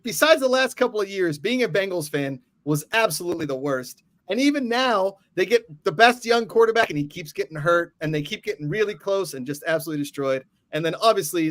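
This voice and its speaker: A man hosting a casual sports talk show, with a fairly high voice that swings widely as he rants. He gets worked up, then backs off with apologies. The sound is dry and close. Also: no room sound. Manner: animated, ranting, quick to apologize for yelling. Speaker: podcast host.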